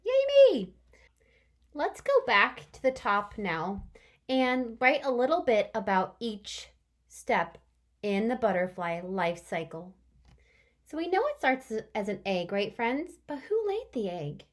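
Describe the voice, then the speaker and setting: A young woman teaching young children, sounding out long words slowly in a cheerful, praising sing-song way. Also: medium pitch, expressive, a bit bright. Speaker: kindergarten teacher. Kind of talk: remote lesson for young children.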